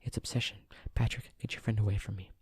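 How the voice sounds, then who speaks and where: A man's voice: lowish voice, steady tone, quick pace, a little mellow, husky, no echo. A man voicing a vain, catty wealthy young woman in a whispered role-play, cutting and dismissive.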